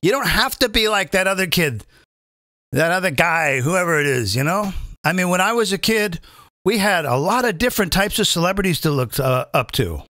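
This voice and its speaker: A man's voice: sits high, expressive, moderate pace, bright, forceful tone, dry recording, clean studio sound. A man in his fifties hosting a live comedic political rant, rambling and repeating phrases as he stumbles over restarts. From British American. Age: 50s. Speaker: comedian host.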